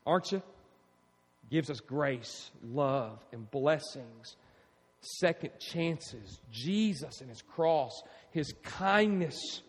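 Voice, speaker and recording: A male pastor preaching a sermon, animated and emphatic, calling out to his congregation. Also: on the high side, measured pace. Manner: animated, preaching with rising emphasis and audience call-outs. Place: church sanctuary. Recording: long reverb in a large hall.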